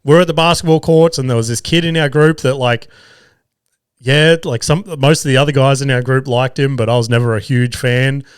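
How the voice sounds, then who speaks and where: The podcast host, an Australian father of two little boys, keeps a steady, medium-pitched tone and a brisk, smooth delivery while telling a profane, laugh-filled family tale. The recording is dry and cleanly studio-made.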